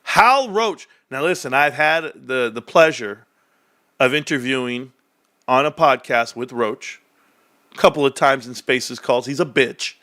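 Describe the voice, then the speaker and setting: A man's voice: a little slow, sharp tone. A man streaming a casual rant about stocks, trash-talking with bursts of laughter and mock voices. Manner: brash trash-talking, swings between hyped and low muttering.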